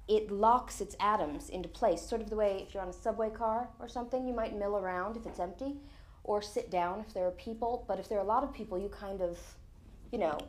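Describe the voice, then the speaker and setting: A woman, author and guest speaker, telling lively anecdotes and explaining science plainly in an on-stage conversation at a lecture. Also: medium pitch. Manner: lively anecdotal storyteller, laughs often.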